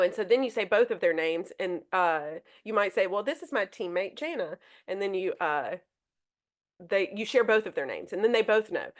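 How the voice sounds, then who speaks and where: A young woman teacher hosting a manners podcast, talking casually and brightly with lots of fillers and restarts. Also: mid-range voice. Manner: chatty and upbeat, many fillers and restarts. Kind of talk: casual classroom talk.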